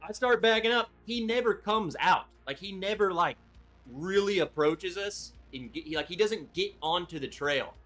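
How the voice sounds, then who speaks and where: Excitable high-voiced man telling a story. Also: moderate pace, faint music behind. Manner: animated, excitable storyteller with many "like"s. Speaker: livestream host. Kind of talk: casual storytelling on a livestream.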